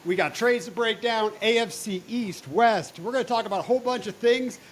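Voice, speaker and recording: A young man hosting a casual fantasy football podcast, loud, excitable and profane. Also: extremely high pitch, brisk, slight background noise. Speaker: podcast host.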